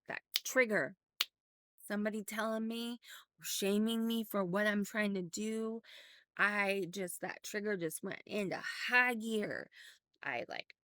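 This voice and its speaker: Woman vlogger, middle-aged, mid pitch, candid personal storytelling, dry close sound. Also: a bit bright, no echo. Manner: candid, rambling, with many restarts.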